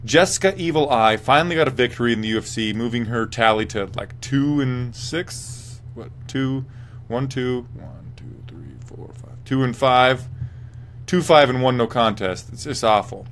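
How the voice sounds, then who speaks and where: A man's voice: medium pitch, moderate pace, a bit bright. Swearing young man hosting a fight show. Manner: profane, rambling, reads viewer chat. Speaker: host. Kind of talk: casual MMA post-fight commentary.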